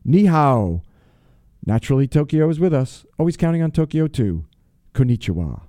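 A man hosting a radio show, talking casually and exuberantly, reading out listener shout-outs with playful alliteration. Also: a little high, big pitch swings, moderate pace, no echo, clean studio sound.

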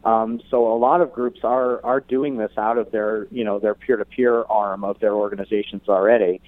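A man's voice: lowish voice, fairly even intonation, dry recording. Man explaining things over a tinny phone line. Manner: measured, explanatory, filler-heavy. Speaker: guest expert.

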